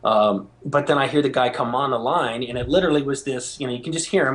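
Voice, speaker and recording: A man being interviewed as a guest, telling stories in an animated way and acting out the voices of people he quotes. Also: medium pitch, fast, few pauses, background noise. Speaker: guest, game show host. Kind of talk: phone interview, storytelling.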